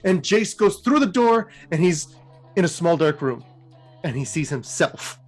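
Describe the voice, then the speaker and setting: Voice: mid-range voice, expressive, unhurried, darkish tone, faint music behind. A podcast host casually retelling fantasy game lore, rambling with many fillers and laughing at the jokes. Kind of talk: casual storytelling.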